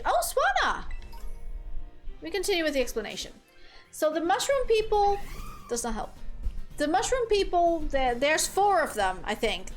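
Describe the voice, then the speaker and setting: A woman giving casual gameplay commentary as a streamer. She is chatty and rambling, with lots of "like", and excitable. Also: high voice. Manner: chatty and rambling, heavy use of "like"; excitable, squeals with delight. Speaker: game streamer.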